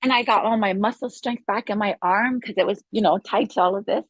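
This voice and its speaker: Woman guest, eager and rambling, mid pitch, dry sound. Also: brisk, dry recording. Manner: excited, rambling storytelling with restarts. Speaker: guest sharing a healing testimony; yoga instructor. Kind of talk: casual spoken testimony.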